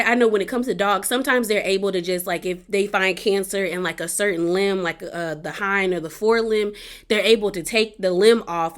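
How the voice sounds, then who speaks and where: A woman's voice: mid-range voice, a bit bright. Chatty woman rambling through a show recap. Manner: rambling, lots of fillers and restarts; heartfelt, personal asides. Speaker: reality TV recap vlogger.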